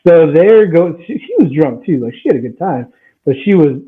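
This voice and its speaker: A man's voice: on the high side, normal speed. A man in his twenties casually telling a story on a podcast, laughing and acting out what people said. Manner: animated, laughing, acts out quotes. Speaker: guest storyteller. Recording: tinny phone-like sound.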